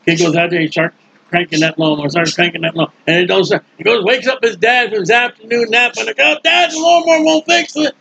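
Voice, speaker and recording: A man preaching a casual, animated sermon, acting out the voices in his stories in colloquial speech. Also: high voice, quick pace, vocal fry, slightly rough, low-quality recording. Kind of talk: sermon with acted-out scenes.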